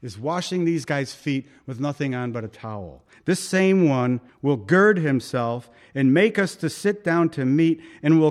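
A man's voice: medium pitch, darkish tone. A male pastor preaching a sermon in a conversational, storytelling way, acting out voices in his anecdotes.

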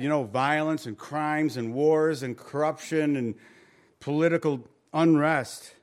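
A man preaching a sermon in a conversational style, often asking rhetorical questions. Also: on the high side. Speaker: pastor.

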